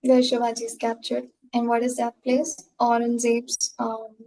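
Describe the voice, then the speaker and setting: A woman's voice: a little high, monotone, unhurried, a crowd in the background, poor audio. A woman teaching an online class over a video call. She explains patiently and fills her talk with "um" and "like". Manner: explains patiently, full of fillers like "um" and "like".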